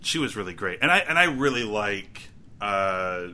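A man's voice: on the low side, animated, normal speed, sharp tone. A man co-hosting a casual TV recap podcast, rambling and self-mocking with many restarts. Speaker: podcast co-host.

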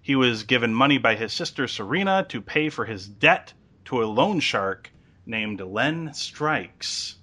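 A man's voice: medium pitch, animated, a little slow, pushed and bright. A man casually recapping a TV episode as a podcast host, chatty with lots of ums and uhs.

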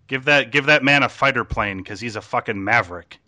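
A man's voice: medium pitch, fairly quick, sharp tone, no echo. A man hosting a podcast, making dry quips and wrapping up the episode in casual chat. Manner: dry quips, chuckles, wraps up the show. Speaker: podcast host.

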